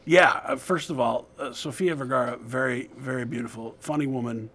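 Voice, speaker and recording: A man's voice: mid-range voice, a little fast, a bit bright, slight background noise. A man co-hosting a talk show, joking and laid-back in casual banter. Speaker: co-host and producer.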